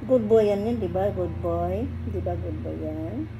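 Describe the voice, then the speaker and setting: A woman's voice: fairly low pitch, normal speed, music in the background, poor audio. A woman with a Filipino accent soothing and coaxing her cat in baby talk while she trims its nails, switching between two languages. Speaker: pet owner cutting her cat's nails. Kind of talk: casual talk to a pet.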